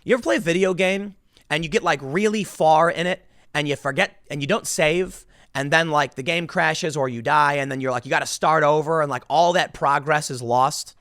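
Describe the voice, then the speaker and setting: A man's voice: a little high, moderate pace, fairly bright tone, no echo, studio quality. A man delivering a sarcastic political opinion monologue, mocking the people he talks about and acting out their voices. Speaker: political commentator.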